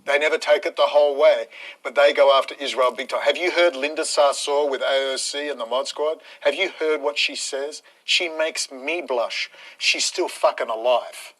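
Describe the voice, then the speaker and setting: A man's voice: mid-range voice, moderate pace, a bit bright, rough recording. A man, ranting bluntly and combatively on a live stream, swearing freely.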